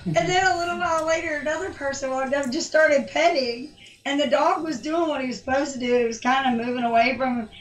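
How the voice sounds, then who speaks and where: A woman's voice: high-pitched, fairly even intonation, quick pace. Laughing female co-host in an echoey room. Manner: laughs easily, conversational. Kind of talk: casual chat. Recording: roomy, distant mic.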